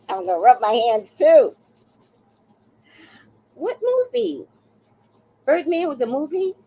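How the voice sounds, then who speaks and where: A woman in her sixties hosts a live stream, chatting casually and telling stories full of laughter and the occasional swear word. Her voice is high and slightly rough, delivered at a moderate pace. The recording itself is rough.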